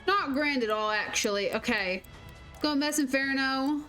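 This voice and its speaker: Excitable woman streamer, high lively voice. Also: unhurried, rough recording. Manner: excitable, blurting exclamations and mild curses. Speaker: gaming streamer. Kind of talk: casual gameplay commentary. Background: game music.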